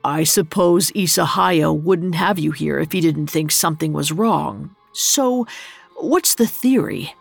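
A woman voicing a recovering male prince, speaking in a calm, measured way. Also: deep voice, vocal fry, slightly rough, dry recording, soft background music, full character voice.

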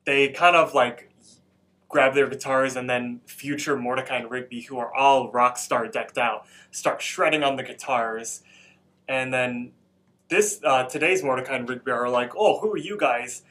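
A man's voice: mid-range voice, fairly even intonation, moderate pace, a bit bright. A young man co-hosting a podcast, retelling a cartoon episode in loose casual chat full of "like" and "um". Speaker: podcast co-host.

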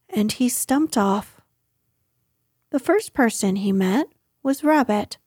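A woman reading a children's book aloud in a gentle, unhurried way. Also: on the high side, animated, breathy edge, no room sound, studio quality. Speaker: storyteller.

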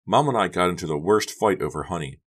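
A man voicing a high-strung, upset teenage girl who talks shrilly and anxiously in an audiobook. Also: lively intonation, fast, slightly rough. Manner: shrill and agitated. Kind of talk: audiobook character voice.

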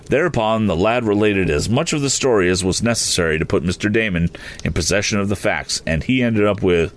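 A man narrating a storybook chapter in an expressive reading style. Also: fairly low pitch, brisk. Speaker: audiobook reader.

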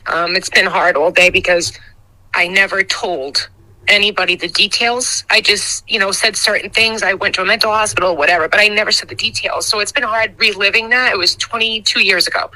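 A middle-aged woman giving a raw, emotional personal testimony as a guest, halting and recounting painful memories. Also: mid-range voice, steady tone, pushed and bright, poor audio.

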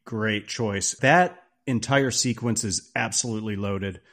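Low-voiced man, thoughtful podcast commentary. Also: measured pace, fairly bright tone. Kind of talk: casual podcast film discussion.

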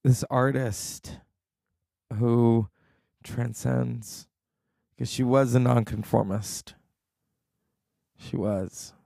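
A man hosting, giving halting, enthusiastic commentary after a played clip. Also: mid-range voice, fairly even intonation, creaky, warm tone, no room sound, clean studio sound. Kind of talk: casual commentary.

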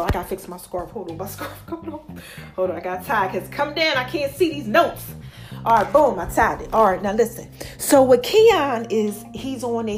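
A chatty, animated woman vlogging straight to her viewers, out of breath as she talks. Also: sits high. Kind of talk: casual talk to camera.

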